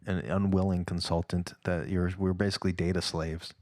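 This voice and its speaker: Male co-host, very low voice, dry close sound, rambling banter. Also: flat delivery, moderate pace, a little mellow, no room sound. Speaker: podcast co-host. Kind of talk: casual comedic chat.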